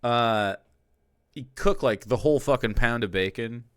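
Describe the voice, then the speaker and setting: A man's voice: mid-range voice, measured pace, fairly bright tone, clean tone, no room sound, clean studio sound. A man streaming, reacting to a cooking video in casual, profane commentary that keeps tipping into exasperated ranting.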